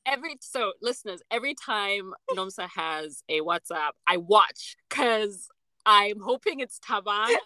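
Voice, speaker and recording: A woman's voice: medium pitch, lively intonation, unhurried, pushed and bright, dry recording. A woman hosting a podcast, asking her guest questions in an encouraging, friendly way. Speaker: podcast host. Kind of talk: casual interview chat.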